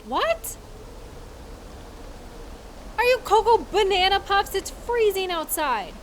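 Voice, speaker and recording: Bright, lively woman in audio role-play. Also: extremely high pitch, slow pace, slight background noise. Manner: fussy, scolding then apologetic, quirky mild exclamations.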